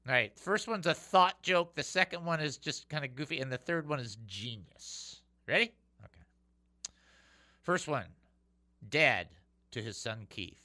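A man's voice: fairly high pitch, measured pace, long pauses. A man hosting a call-in radio show, joking around and reading Bible verses aloud. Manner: animated and joking, reads scripture aloud. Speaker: radio host.

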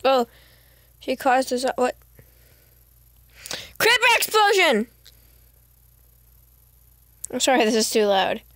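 High-pitched giggly woman streamer, sounding sick. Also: normal speed, no echo. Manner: giggly, excitable, rambling. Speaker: gamer streamer. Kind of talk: casual live-stream commentary.

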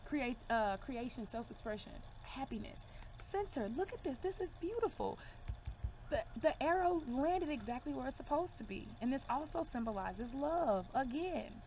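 A woman's voice: sits high, lively intonation, normal speed, a little mellow, slight background noise. A woman giving a casual card reading to camera, emphatic and reassuring, calling her viewers y'all and baby. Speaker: divination reader.

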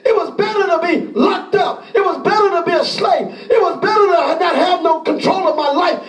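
A man preaching a sermon as pastor, impassioned and often shouting, acting out the pleas of the people he describes. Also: very high voice, fairly quick, few pauses, roomy sound, far from the mic.

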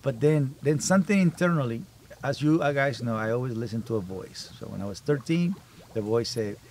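A man's voice: mid-range voice, expressive, fairly quick, darkish tone, a little hiss or hum. Emphatic man talking as a podcast host. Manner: emphatic, repeats phrases while building a point. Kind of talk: casual family podcast chat.

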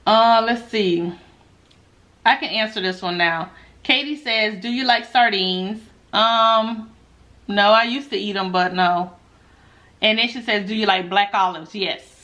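A woman chatting casually while she eats on camera, reading viewer questions aloud and answering in a laid-back, animated way that often breaks into laughs. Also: mid-range voice, measured pace, highs cut off. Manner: animated, laughs often when telling stories. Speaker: mukbang vlogger.

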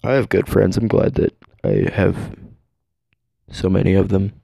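A man's voice: low-pitched, little pitch movement, a little slow, creaky, mellow, husky, no room sound, clean studio sound. A man giving goofy joking commentary over a movie, breaking into silly sing-song bits. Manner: goofy, sings nursery rhymes. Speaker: fan dubber. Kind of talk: jokey commentary.

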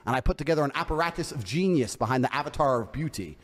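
A man's voice: mid-range voice, animated, racing, a bit bright, in a large hall, a little hiss or hum. A man telling a boastful story on a podcast, swearing freely and acting out the quoted lines himself. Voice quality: profane, swaggering.

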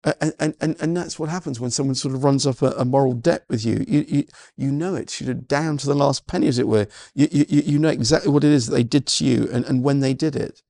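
Gravelly man preaching a sermon. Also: medium pitch, quick pace, few pauses, mellow, dry recording. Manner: earnest, with frequent stammered restarts and "you know" fillers. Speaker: pastor.

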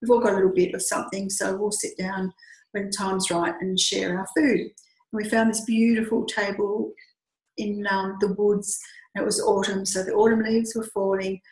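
A woman's voice: medium pitch, moderate pace. Heartfelt woman telling a personal story. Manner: heartfelt, lively retelling with hesitations. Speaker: storyteller recounting a pilgrimage walk. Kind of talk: personal anecdote, conversational. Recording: echoey room.

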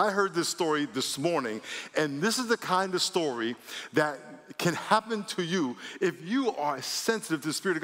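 A man preaching a sermon in a large church as pastor, animated and laughing as he calls a guest up. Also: fairly high pitch. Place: large church auditorium with a congregation. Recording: long hall reverb, crowd behind.

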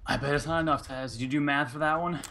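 A man's voice: on the high side, steady tone, quick pace, sharp tone. A young man co-hosting a casual gaming session, teasing his friend with dry jokes. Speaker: co-host.

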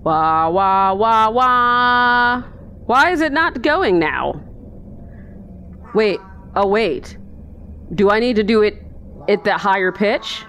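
A woman's voice: medium pitch, expressive, slow pace, long pauses, fairly bright tone, soft background music. A woman giving let's play commentary, chatty and goofy, talking to herself as she plays. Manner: chatty, goofy, talks to herself while playing. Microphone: desk microphone.

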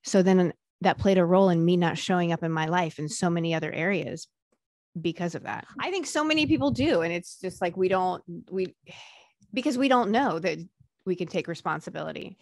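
A woman with a fairly low voice speaks frankly and earnestly in a candid interview, often pausing on fillers. The sound is dry and close, with no room echo. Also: a little mellow. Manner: earnest, frank, with casual swearing and frequent fillers.

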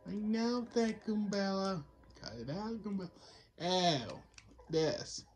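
A man giving excitable let's play commentary, laughing and scolding himself often. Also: high voice, slow pace, slight background noise. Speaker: gamer.

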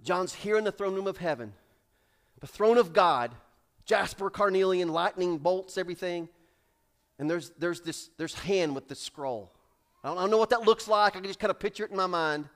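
A man preaching a sermon in church, swinging between loud, acted-out build-ups and hushed, slow drops, and repeating phrases for emphasis. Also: sits high, lively intonation. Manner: acts out characters in raised voices. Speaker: pastor. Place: church sanctuary.

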